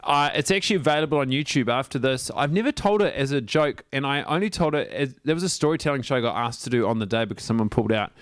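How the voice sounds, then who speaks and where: A man co-hosting a comedy podcast, chatting casually with playful, quick jokes and long riffs. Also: medium pitch, lively intonation, no room sound, studio quality. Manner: playful, quick to joke and riff. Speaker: podcast co-host.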